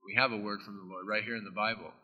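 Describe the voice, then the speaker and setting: A man preaching a sermon as pastor, emphatic, with sudden drops into soft, close asides. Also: lowish voice, fairly even intonation, fast, big-room sound, phone-quality sound.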